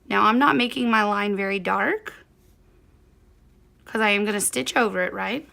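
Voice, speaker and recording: A woman teaching a quilting project step by step, her voice carrying a gravelly fry. She chats in an easy, encouraging way while her hands stay busy with the work. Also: medium pitch, a little slow, sharp tone. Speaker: quilting instructor. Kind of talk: hands-on sewing tutorial.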